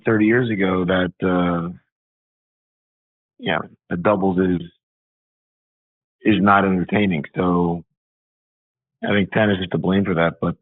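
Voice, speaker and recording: Man, guest tennis coach, casual chat, very deep voice, tinny phone-like line. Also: husky, no echo.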